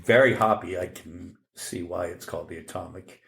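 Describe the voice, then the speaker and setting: A man co-hosting a casual podcast, low-voiced and blunt, swearing freely and stumbling over repeated words. His voice carries a roomy echo. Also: moderate pace, vocal fry, a bit bright. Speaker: podcast co-host. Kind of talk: casual chat.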